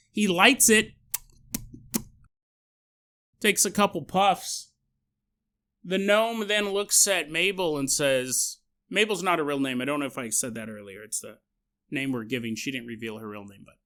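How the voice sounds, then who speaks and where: A man hosting a podcast, telling a story in a casual, animated, jokey way and acting out the sound effects and the quotes himself. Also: high-pitched. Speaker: podcast host.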